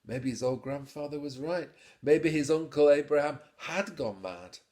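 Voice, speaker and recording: A man narrating a story in a measured, expressive storytelling way. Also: fairly high pitch. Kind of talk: scripted narration.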